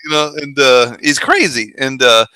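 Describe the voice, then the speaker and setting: A man's voice: medium pitch, animated, normal speed, sharp tone, clear, resonant tone, no room sound, rough recording. A man co-hosting a casual podcast, animatedly retelling movie scenes and acting out the characters' lines. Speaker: podcast co-host.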